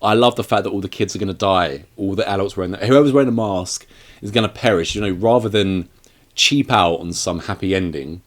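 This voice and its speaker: Guy rambling thru a movie review, cracks jokes, voice a bit low. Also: brisk. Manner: rambling, joking, laughs often. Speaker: film review host. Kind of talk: casual film review chat. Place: indoor room with shelves, on camera.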